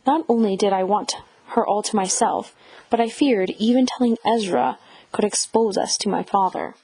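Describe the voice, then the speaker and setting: A woman narrating a first-person audiobook in a measured, reflective reading style. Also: mid-range voice, mellow, slightly rough, dry recording, low-quality recording.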